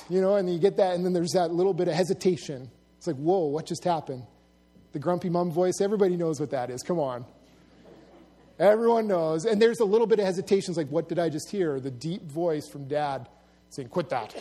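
High-voiced man teaching Scripture casually. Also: mellow. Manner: conversational, musing, with asides and acted-out quotes. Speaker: Bible teacher.

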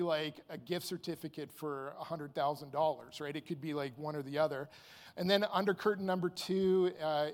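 A man in his fifties tells a personal anecdote. His voice sits high, and he rambles animatedly with fillers and restarts. The sound rings out with a long hall reverb. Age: 50s. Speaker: storyteller. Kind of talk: personal anecdote told aloud.

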